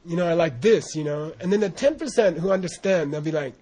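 An American man giving an informal Buddhist teaching, rambling and animated, often laughing and saying "you know". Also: fairly high pitch, quick pace, breathy edge. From United States. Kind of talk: informal dharma talk.

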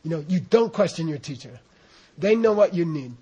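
An American man giving an informal Buddhist teaching, rambling and animated, often laughing and saying "you know". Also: fairly high pitch, moderate pace, breathy edge, lo-fi sound. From United States. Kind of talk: informal dharma talk.

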